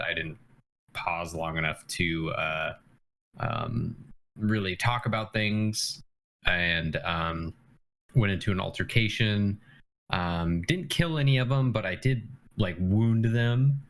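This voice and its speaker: A tabletop game player explaining his story in a halting way, full of pauses and fillers. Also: low-pitched, a bit bright. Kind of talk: casual chat at a game table.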